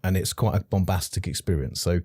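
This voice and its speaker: A man chatting on a podcast over a call, measured and thoughtful. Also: low-pitched, dark tone, no room sound, studio quality. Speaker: podcast guest. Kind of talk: casual chat.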